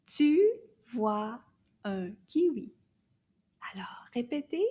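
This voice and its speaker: A woman teaching a French lesson for children, speaking slowly and encouragingly, repeating words for the listener to echo and sometimes dropping to a soft whisper. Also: a little high, breathy edge. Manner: drops to soft whispers at times. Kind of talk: kids' language lesson.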